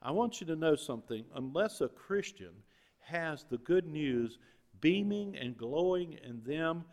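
A man preaching a sermon as pastor, swinging between loud and quiet passages. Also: a little high, animated, measured pace. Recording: long reverb of a large hall.

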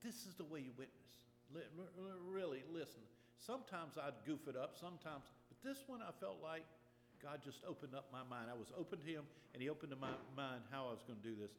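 A man preaching a sermon and telling a personal story in an earnest, deliberate way, with lots of repetition. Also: fairly high pitch, expressive, a little hiss or hum. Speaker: pastor. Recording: long reverb of a large hall.

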